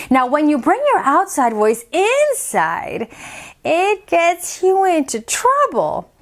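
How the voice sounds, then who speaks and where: A woman music teacher reading a picture book aloud to young children. She is animated, adds playful asides, and moves from whispers to shouts to show each voice level. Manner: playful self-commentary in a lowered voice.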